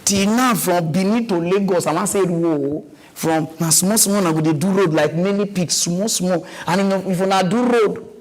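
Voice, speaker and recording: A man with a Nigerian accent hosts a mock news segment in a loose, rambling comic rant. His voice sits high, and he talks in an animated, wandering way, slipping into pidgin. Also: normal speed, hardly any pauses, poor audio. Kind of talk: comic ranting commentary.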